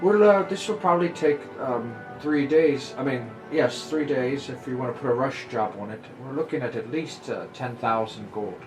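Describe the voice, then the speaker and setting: A proud shopkeeper who savors every craft piece, musing slowly and hesitating, as a game master puts him on. His voice sits at a middle pitch. The echoey room has music playing behind it. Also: lightly acted. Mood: businesslike. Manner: drawn-out musing, halting with fillers. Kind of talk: voicing characters in a tabletop game.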